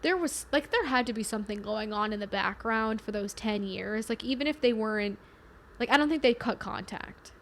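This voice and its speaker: Young woman cohost, kinda high voice, laughs a lot, light hiss. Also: lively intonation, normal speed. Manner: laughs often, upbeat. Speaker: podcast co-host. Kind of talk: casual chat.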